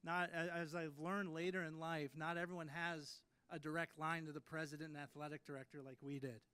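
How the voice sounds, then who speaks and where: Speaking briskly with a fairly high, clear and resonant voice that has a sharp tone, a late-thirties man gives an induction speech at a ceremony hall. His pitch barely moves as he tells self-mocking anecdotes packed with fillers and restarts.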